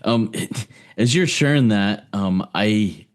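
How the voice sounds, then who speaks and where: A man's voice: lowish voice, slow. A man co-hosting a podcast, speaking hesitantly with fillers. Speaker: podcast co-host. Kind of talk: casual podcast talk.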